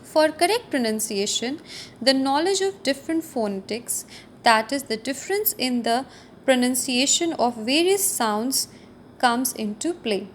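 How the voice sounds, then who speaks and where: Woman, teacher, recorded lecture, high voice, leans on key words. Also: expressive, unhurried, a little hiss or hum. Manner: explanatory, stresses key words. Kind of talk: recorded lecture over slides.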